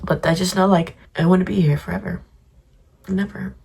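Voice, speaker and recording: A woman's voice: fairly low pitch, fairly even intonation, fast talker, creaky, darkish tone, a little hiss or hum. A young woman in her twenties from New York, vlogging in a rambling, candid way with lots of "like.". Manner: rambling, heavy use of "like"; candid and confessional. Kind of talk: casual vlog chat.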